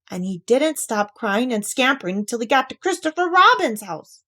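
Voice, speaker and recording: A woman reading a children's storybook aloud, her fairly high voice swooping lively up and down. She tells the story with expressive, animated delivery and a gravelly, fry-tinged edge. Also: normal speed.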